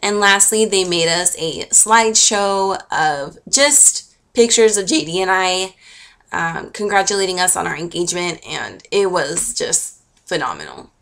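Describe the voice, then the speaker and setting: A woman's voice: fairly low pitch, lively intonation, measured pace, creaky, fairly bright tone. A young woman vlogger telling a personal story in a gushing, emotional, chatty way with lots of fillers. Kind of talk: casual storytelling to camera.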